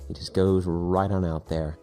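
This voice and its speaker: A man improvising a goofy story live on a stream, in a deep, low voice. He rambles, with plenty of "uh" and "like" between thoughts. Faint music plays in the background. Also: little pitch movement, a little slow, mellow. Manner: rambling, full of fillers. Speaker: streamer narrating his drawings.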